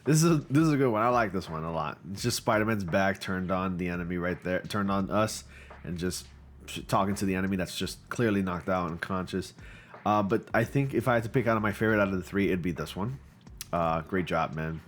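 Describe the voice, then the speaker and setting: A man hosting his channel, giving casual, excitable commentary with gushing reactions and frequent fillers. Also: sits low, fairly quick. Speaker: channel host reviewing fan photo submissions.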